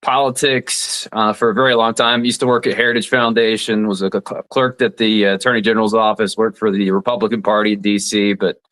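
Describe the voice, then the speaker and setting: A man in his forties from southeast Alabama, a radio commentator and former attorney, walks through legal issues during a casual interview. His lowish voice is brisk and fairly bright, with little pitch movement and hardly any pauses, and the recording is low quality. His plain-spoken legal analysis is explanatory and full of restarts.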